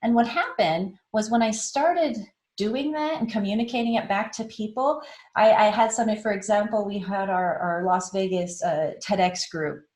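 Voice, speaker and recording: A woman giving a casual conference talk in a chatty way. She laughs often, restarts her words and acts out quoted voices with big jumps in pitch. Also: moderate pace, darkish tone, reverberant. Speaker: conference speaker. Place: online meetup talk in a room.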